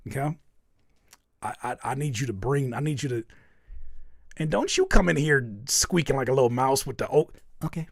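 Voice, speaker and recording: A man's voice: medium pitch, normal speed, vocal fry, pauses often, dry recording, clean studio sound. Frank joking man hosting a live stream. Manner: animated, joking mock outrage at chat comments; frank, profane advice. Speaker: host reviewing music live.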